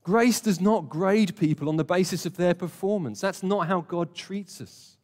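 A man's voice: high voice, moderate pace, darkish tone. A man preaching a sermon in a church hall, speaking in a conversational, earnest way and putting questions to the congregation. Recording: long hall reverb.

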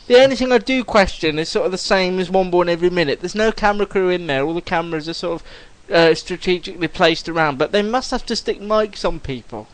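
High-pitched male co-host, eager and rambling, casual talk. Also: quick pace, few pauses, low-quality recording. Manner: enthusiastic, rambling with restarts. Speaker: podcast co-host. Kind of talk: casual chat.

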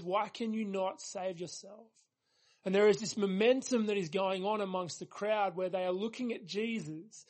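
A man with a high, light voice delivers a sermon with earnest conviction. He presses each point through repetition and builds emphasis line by line. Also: darkish tone. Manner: earnest, emphatic preaching with repeated phrases. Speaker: pastor.

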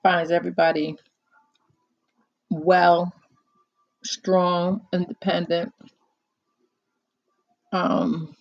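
Slow, gravelly call-in show host. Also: medium pitch, little pitch movement, no echo, dull audio. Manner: unhurried and musing, with many pauses and "um"s. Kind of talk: casual, rambling live talk. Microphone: close microphone.

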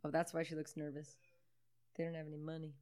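A woman's voice: low voice, monotone, fast talker, a little mellow, clean tone. Sarcastic woman riffing on a movie. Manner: sarcastic, swears, laughs often. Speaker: podcast co-host. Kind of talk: casual movie-riffing chat.

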